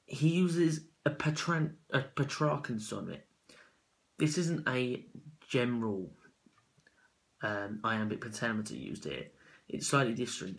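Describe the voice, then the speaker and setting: Halting young man analysing a poem. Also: medium pitch, expressive, a bit bright, rough recording. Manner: halting, with self-corrections and fillers. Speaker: student presenting a poem analysis. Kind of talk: unscripted spoken poetry analysis.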